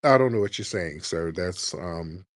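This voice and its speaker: A man's voice: sits low, expressive, measured pace, no room sound, studio quality. A man hosting a heated call-in show, arguing and mocking a caller with repeated insults. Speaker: host.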